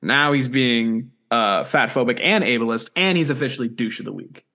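A man's voice: medium pitch, expressive, moderate pace, bright, forceful tone. A man hosting a podcast, recapping an episode in casual chat, jokey and swearing freely. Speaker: podcast host.

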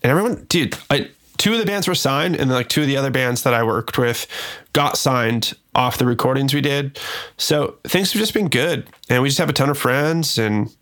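A man's voice: medium pitch, moderate pace, fairly bright tone. Profane American man chatting. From United States. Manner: loose and profane, many fillers. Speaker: record producer guest. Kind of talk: casual podcast chat.

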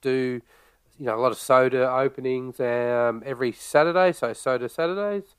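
A man's voice: medium pitch, clean tone, no room sound. A man with an Australian accent, a guest on a podcast, talking casually and a little hesitantly. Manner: relaxed, hesitant with fillers. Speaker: guest, YouTuber.

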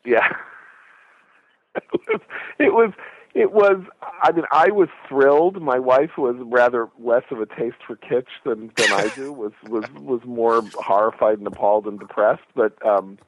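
A middle-aged man co-hosting a podcast in casual chat, halting with many fillers and restarts. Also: mid-range voice. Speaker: podcast co-host. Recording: tinny phone line, dry.

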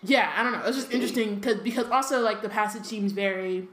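A woman's voice: mid-range voice, fast talker, fairly bright tone. A woman hosting a casual discussion podcast, rambling with lots of fillers and trailing thoughts. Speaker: podcast host leading discussion. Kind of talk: casual chat. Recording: roomy echo.

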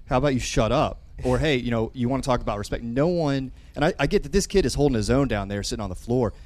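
A man's voice: medium pitch, animated, fast talker, darkish tone. A man co-hosting a casual talk show, earnestly laying out a point. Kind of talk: casual podcast chat.

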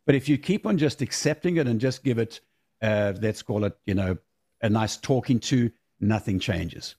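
A man's voice: lowish voice, moderate pace, a little mellow. A man speaking as a guest on a video-call podcast, giving firm, emphatic opinions in casual chat. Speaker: guest, race car driver.

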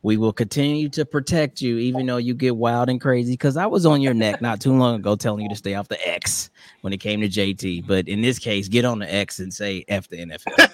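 A man's voice: medium pitch, brisk, a little mellow. A man hosting a casual sports podcast, playful and teasing with his co-hosts. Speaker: podcast host.

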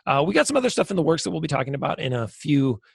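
Gravelly-voiced male podcast co-host. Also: a little high, very animated, racing, dry recording, studio quality. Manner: joking, rambling sign-off. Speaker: lead pastor. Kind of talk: casual chat.

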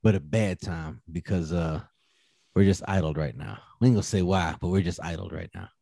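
A man's voice: sits low, fairly quick, vocal fry, no room sound, studio quality. A man co-hosting a podcast in casual chat, telling a story animatedly and acting out the voices of the people in it. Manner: animated, acts out quoted voices, laughs often. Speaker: podcast co-host.

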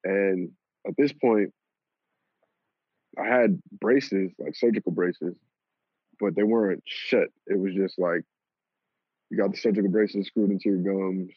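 A young man casually telling a personal story, animated and swearing and laughing at himself. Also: sits low, a little slow, long pauses, breathy edge, no room sound. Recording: lo-fi phone-like audio.

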